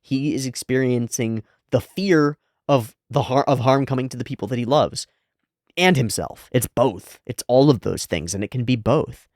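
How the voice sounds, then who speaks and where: A man's voice: medium pitch, moderate pace, a little mellow, dry recording, clean studio sound. A man reacting to an anime episode, thinking aloud in a casual, reflective way and often saying "like". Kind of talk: casual analytical commentary.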